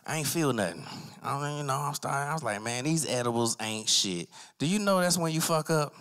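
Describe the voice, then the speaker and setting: A man doing a stand-up comedy set at an arts center comedy night, telling profane stories and acting out other people with sudden jumps up in pitch. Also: fast. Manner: acts out other people in his stories, voice jumping high with excitement; profane, loose storytelling. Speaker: stand-up comic.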